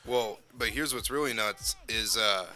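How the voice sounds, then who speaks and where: A man's voice: on the low side, unhurried, pushed and bright, faint music behind. A man joking around in casual podcast banter, laughing often. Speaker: podcast co-host.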